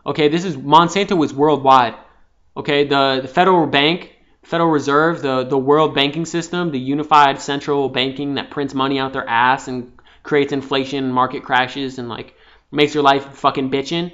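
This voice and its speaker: A young man giving an impassioned, profane spiritual monologue, dropping from hushed to loud. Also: mid-range voice, fairly even intonation, normal speed. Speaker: vlogger. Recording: slightly dull lo-fi sound.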